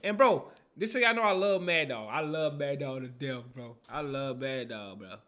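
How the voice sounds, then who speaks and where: A man streaming his reactions to a video, talking casually with excitable, slangy interjections. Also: medium pitch, moderate pace.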